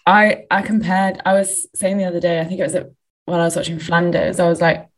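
A woman's voice: on the low side, flat delivery, fast. A woman co-hosting a podcast, rambling through an anecdote in a casual, self-mocking way.

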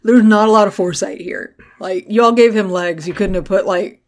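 A woman co-hosting a podcast, recapping a show in casual, animated chat with sarcasm and swearing. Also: mid-range voice, normal speed. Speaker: podcast co-host.

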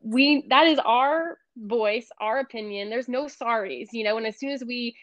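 A woman's voice: fairly high pitch, moderate pace, a bit bright, no echo. A woman in her thirties, co-hosting a casual chat, speaking earnestly and with emphasis. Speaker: podcast co-host. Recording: dull, dry lo-fi sound.

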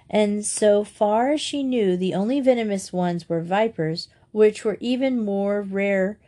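A woman reads a children's novel aloud. Her voice is middle-pitched and her storytelling is steady. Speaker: audiobook reader.

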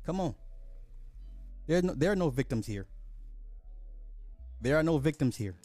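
A man's voice: on the high side, very animated, measured pace, pauses often, dark tone, no echo, faint music behind. A man hosting a podcast, delivering a profane, mocking rant of social commentary and apologizing as he goes. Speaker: podcast host.

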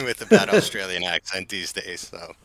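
A man's voice: deep voice, sing-song, normal speed, gravelly, crowd noise. A man hosting a casual film podcast, joking and laughing through what he says. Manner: jokey, laughs through his lines. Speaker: podcast host.

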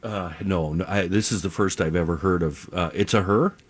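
A man on a morning radio show team, telling relaxed family anecdotes from off-mic. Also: deep voice, moderate pace, husky.

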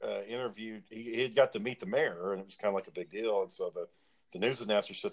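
A man's voice: lowish voice, fairly even intonation, fast talker. A man in casual chat with friends, telling long rambling stories and acting out what people said. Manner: rambling storyteller, acts out quotes.

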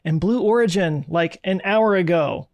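A man hosting a podcast, opening the show in an upbeat, energetic way. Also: sits high, moderate pace, no echo. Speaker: podcast host. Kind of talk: podcast intro and casual chat.

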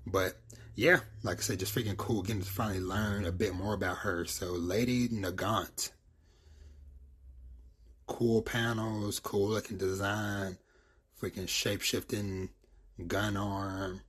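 A man's voice: fairly low pitch, steady tone, measured pace, a bit bright, husky. A man giving a casual, rambling recap of a manga chapter, full of fillers and the word "freaking". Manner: loose and rambling, filler-heavy, says "freaking" a lot.

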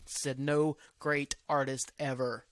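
A man's voice: medium pitch, flat delivery, takes it slowly, no room sound. A man hosting a solo podcast, rambling from topic to topic in loose, profane talk that often trails off. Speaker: podcast host.

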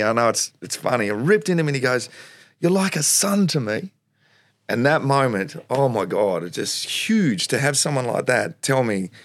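Gravelly Australian man telling stories. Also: mid-range voice, no echo. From Tasmania, Australia. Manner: animated storyteller, acts out quotes, laughs often. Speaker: guest, former footballer. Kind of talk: storytelling interview.

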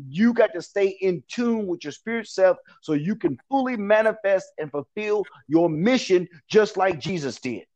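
A man's voice: sits high, expressive, moderate pace, few pauses, a little mellow. A man giving motivational advice as an interview guest, earnest and repetitive, preaching with frequent laughs.

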